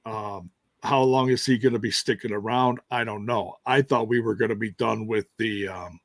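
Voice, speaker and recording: A man's voice: fairly low pitch, steady tone, moderate pace, no echo. A man co-hosting a podcast, chatting casually and jokingly about wrestling. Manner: chatty, jokey, laughs often. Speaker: podcast co-host. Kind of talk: casual wrestling recap chat.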